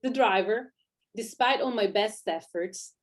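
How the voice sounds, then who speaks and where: A woman with an Italian accent delivers a prepared academic conference talk. Her pitch sits in an ordinary middle range, and she keeps a measured, scripted reading pace throughout. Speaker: academic researcher.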